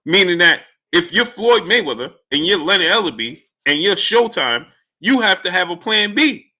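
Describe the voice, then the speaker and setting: On his live stream, a man with a high-sitting voice keeps a moderate pace. He's heated and animated, calling out viewers in the chat by name between fiery rants.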